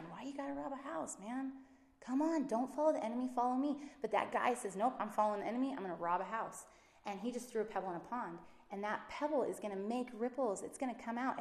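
A woman, a Christian speaker and mother, giving a casual faith talk and acting out the voices she quotes. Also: mid-range voice. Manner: animated, acts out quoted voices. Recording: roomy echo.

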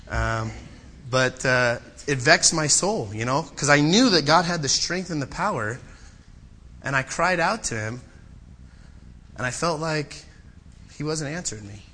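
Man, sermon, bright tense tone, mid pitch, impassioned then hushed. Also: slight background noise. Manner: impassioned, rising to loud pleading then dropping low and personal. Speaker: preacher.

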